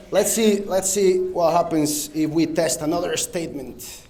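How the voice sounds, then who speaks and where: A man's voice: a little high, unhurried, darkish tone, a little hiss or hum. Spanish-accented man giving a conference talk. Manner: frequent ums and uhs, engages the audience with direct prompts. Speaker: conference speaker. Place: conference hall stage.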